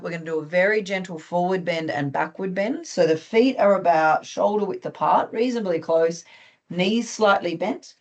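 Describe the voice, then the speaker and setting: An instructor with an Australian accent calmly guiding a group through stretches, gently instructive with light touches of humor. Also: medium pitch. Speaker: movement instructor. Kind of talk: guided stretching class.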